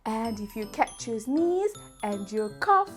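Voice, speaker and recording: A woman hosting a preschool lesson as a doctor, speaking gently in a slow, exaggerated, sing-song way. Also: on the high side, very animated, breathy edge, soft background music. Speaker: children's show host, doctor.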